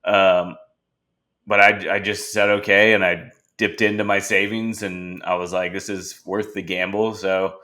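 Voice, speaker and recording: A man with a low-set, bright and forceful voice hosts a podcast in easy conversation. He tells his stories with energy and slips into the voices of the people he quotes. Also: unhurried. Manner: animated storyteller who acts out quoted dialogue. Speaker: podcast host. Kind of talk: casual conversation.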